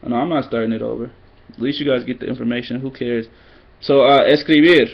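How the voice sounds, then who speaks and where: A man's voice: mid-range voice, fairly even intonation, brisk, creaky, muffled recording. A man giving a loose, rambling vlog lesson, mixing in Spanish phrases and poking fun at himself. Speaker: vlogger teaching Spanish.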